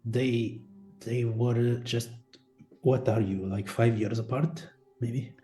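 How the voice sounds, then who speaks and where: A man's voice: medium pitch, steady tone, slow, mellow, soft background music. A man improvising in character at a tabletop game, rambling and apologetic, swearing casually. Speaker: tabletop role-play participant voicing a character. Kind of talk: in-character improvised role-play.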